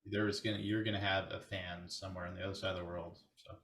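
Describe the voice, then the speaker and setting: A man's voice: deep voice, level tone, fast talker, a crowd in the background. A man hosting a podcast in casual chat, upbeat and affirming, and often chiming in to agree. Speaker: podcast host.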